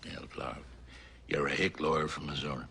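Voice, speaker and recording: An actor playing a blunt, cornered middle-aged president who talks with a drawl. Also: male voice, a bass voice, steady tone, a little fast, vocal fry, sharp tone, husky, heavily acted. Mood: gruff.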